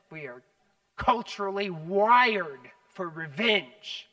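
A man preaching a sermon as pastor, animated, swinging between loud emphasis and hushed asides. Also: high-pitched, moderate pace, far from the mic, low-quality recording. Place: church sanctuary.

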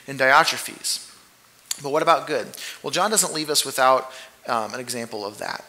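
A man preaching a casual, conversational sermon, animated and joking, with frequent fillers and restarts. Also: on the high side. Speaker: pastor.

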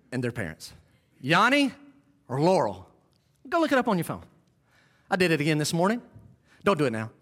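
A male pastor preaching a sermon to a congregation, reading scripture slowly and with emphasis. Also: sits high, fairly bright tone. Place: church before a live congregation.

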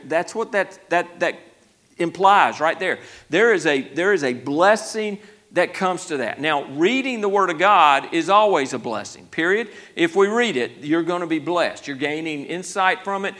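A man's voice: a little high, a bit bright. A man preaching a conversational Bible study sermon, folksy, with many restarts, growing emphatic. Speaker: pastor.

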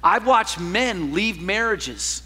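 A man preaching a sermon as a pastor, telling a personal story with animated swings from loud to hushed. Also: high-pitched, slow pace, breathy edge, big-room sound.

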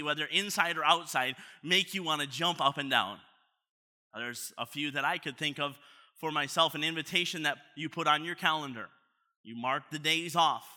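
A man's voice: fairly high pitch, pushed and bright. A man preaching a sermon as pastor, in a conversational, playful way, asking his congregation questions at a church service.

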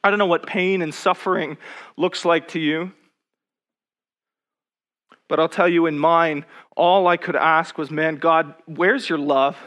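A man preaching a sermon, reading scripture slowly and then pressing personal questions with rising intensity. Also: a little high, steady tone, a bit bright.

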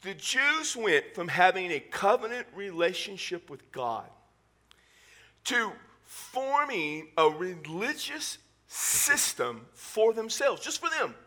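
A male pastor with a Southern Texas accent preaching a sermon in church, animated and full of joking asides. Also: sits high, slow.

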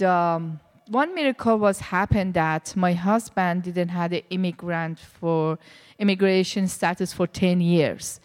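Animated woman telling her testimony. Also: on the low side, big-room sound. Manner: animated storytelling, acting out quoted dialogue. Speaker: church member sharing testimony. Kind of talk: personal testimony.

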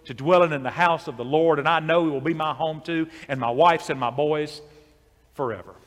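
A man voicing a soft-spoken, godly farmer in his early sixties who stammers humbly and talks in a homespun way. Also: on the high side, brisk, in a large hall, lightly acted. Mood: quiet faith.

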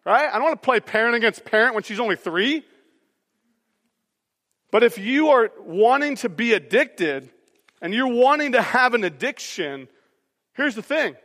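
High, bright-voiced pastor preaching. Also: male voice, normal speed, long pauses, big-room sound. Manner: energetic, keeps tagging lines with "okay?" and "all right?". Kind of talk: sermon. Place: church auditorium.

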